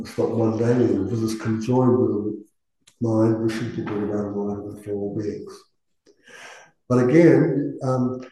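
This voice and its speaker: A man with a mellow, darker voice leads a Buddhist teaching and guided meditation. He talks in a relaxed, conversational way and pokes fun at himself. The sound rings heavily around a large, echoey room. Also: mid-range voice. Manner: relaxed, conversational, self-deprecating. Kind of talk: dharma talk and guided meditation.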